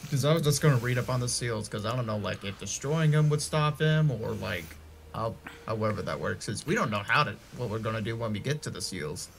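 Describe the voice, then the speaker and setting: A man's voice: on the low side, lively intonation, brisk, vocal fry. Man with a sore voice, faint noise. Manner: casual, rambling. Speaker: tabletop game player.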